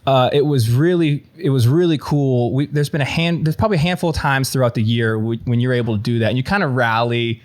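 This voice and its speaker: A man's voice: mid-range voice, quick pace, hardly any pauses, darkish tone. A man co-hosting a podcast, chatting casually in a laid-back, slangy way. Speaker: podcast co-host. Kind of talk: casual chat.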